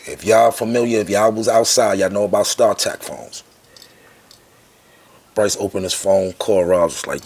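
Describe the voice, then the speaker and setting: Low-voiced New York man telling stories. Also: moderate pace, pauses often, slightly rough. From Harlem, New York. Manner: animated, acts out quoted people with raised voice. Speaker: podcast guest. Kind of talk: casual storytelling.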